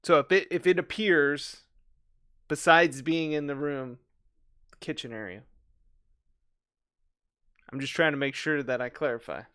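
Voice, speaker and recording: A man's voice: on the high side, unhurried, long pauses, sharp tone, smooth, dry recording, clean studio sound. A man narrating as game master for a tabletop game, describing the action and clarifying the rules.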